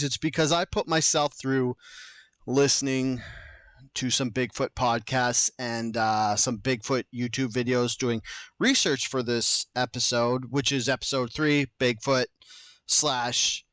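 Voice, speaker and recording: A man's voice: mid-range voice, a bit bright, no echo. Man, solo podcast host, digressive and self-mocking, dry close mic. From Canada. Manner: self-mocking, digressive, deliberately slowed delivery. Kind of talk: rambling solo podcast monologue.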